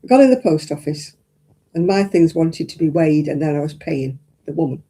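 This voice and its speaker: A woman's voice: low-pitched, expressive, moderate pace, mellow. An older woman, chatting casually as host of a crafting livestream and rambling through anecdotes. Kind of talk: casual chat.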